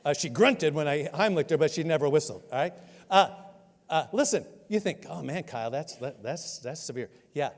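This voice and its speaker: Older male pastor preaching in a hall. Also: a little high. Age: 60s. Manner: storytelling, self-mocking humor, animated. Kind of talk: sermon. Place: church sanctuary. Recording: long hall reverb.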